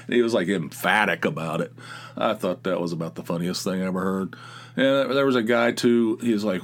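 A man's voice: sits low, brisk. A middle-aged man hosting a podcast, telling a story in a rambling, exasperated way, with many restarts, laughing at his own tale. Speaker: podcast host. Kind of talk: casual monologue storytelling.

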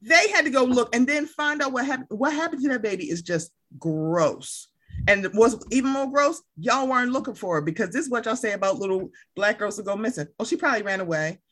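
A woman's voice: on the high side, a little fast, fairly bright tone. A woman hosting a casual chat, passionate and blunt, swearing freely and acting out the people she quotes. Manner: vividly acts out quoted people.

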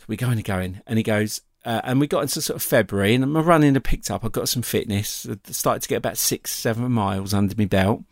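Gravelly man telling a story. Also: fairly low pitch, fast, hardly any pauses, no echo, studio quality. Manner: animated, acts out quoted voices. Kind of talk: casual storytelling.

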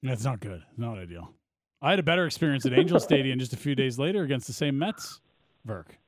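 A man's voice: medium pitch, lively intonation, a little fast, no room sound, clean studio sound. Easygoing male radio co-host. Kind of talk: casual sports talk.

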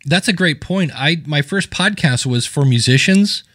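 A man's voice: a little high, lively intonation, normal speed, fairly bright tone, no echo, clean studio sound. A man, a guest on a podcast interview, chatting casually and telling anecdotes in which he acts out what other people said. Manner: storytelling, acting out quoted people in anecdotes.

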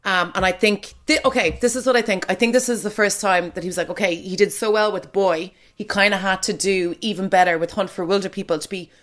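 A woman's voice: medium pitch, fairly even intonation, quick pace, hardly any pauses, a bit bright. An Irish woman, a radio presenter, chatting casually and giving her opinions about a film with lots of fillers. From Ireland.

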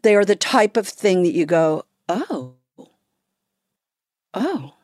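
A woman podcast host talking in a reflective, measured way and laughing often. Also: medium pitch, a little mellow, dry recording, studio quality. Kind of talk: conversational podcast chat.

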